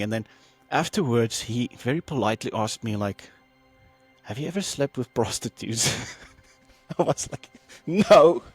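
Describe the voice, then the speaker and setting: Male guest, mid-pitched, recounts a personal story with animated quoted voices and loose fillers over faint music. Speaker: podcast guest.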